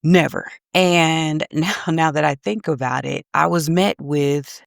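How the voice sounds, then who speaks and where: A woman's voice: low voice, slow pace, gravelly, dry recording, studio quality. A middle-aged woman and parenting coach giving earnest, reflective advice straight to camera.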